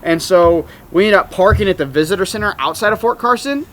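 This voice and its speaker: A man's voice: sits high, lively intonation, brisk, a bit bright, rough recording. A young man who hosts a podcast and tells a long story in a casual, rambling way, swearing freely. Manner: rambling, profane, laid-back. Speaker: podcast host.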